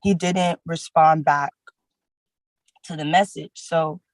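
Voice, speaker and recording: A woman giving testimony at a court hearing, retelling events in a halting way with many fillers. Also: deep voice, steady tone, no room sound, rough recording.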